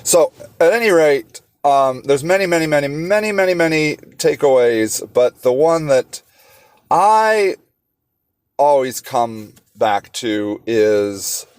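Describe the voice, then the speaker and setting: A man hosting a solo podcast, talking with passion and sarcastic rhetorical questions, halting often with fillers and restarts. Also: on the high side, dry recording. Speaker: podcast host.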